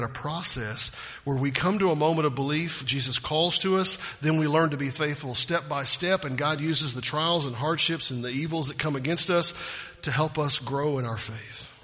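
A man's voice: on the high side, sharp tone, slightly rough, big-room sound. A man preaching a sermon, earnest and emphatic, asking rhetorical questions. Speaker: pastor.

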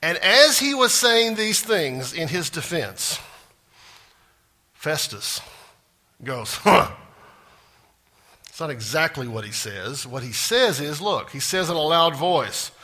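A man's voice: on the high side, bright, forceful tone. A man preaching a sermon. He keeps quizzing the congregation as he goes. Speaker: pastor.

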